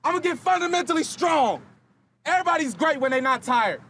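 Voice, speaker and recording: A man giving a fired-up, profane motivational speech to his football team, shouting much of it. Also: very high voice, lively intonation, a little fast, a little hiss or hum. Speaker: football player addressing team. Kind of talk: locker-room motivational speech.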